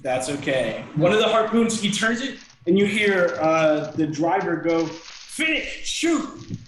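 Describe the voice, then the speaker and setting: A man's voice: on the high side, lively intonation, a little slow, roomy sound, slight background noise, poor audio. A man running a tabletop game as game master, walking players through actions step by step.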